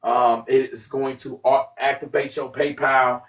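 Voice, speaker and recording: A man hosting a casual livestream, talking in an animated, profane, joking way that often bursts into yelling. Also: mid-range voice, a little slow. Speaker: livestream host.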